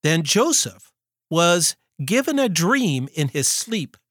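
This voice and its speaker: A man preaching a sermon. He reads scripture aloud in a measured way and stresses his points with rhetorical questions. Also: a little high, sing-song, a bit bright, dry recording, studio quality.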